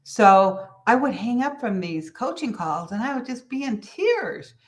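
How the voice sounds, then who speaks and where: A woman's voice: a little high, sing-song, a little slow. A woman business coach giving earnest, conversational advice, circling back to repeat her key points and mispronouncing a few words. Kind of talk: solo business advice talk.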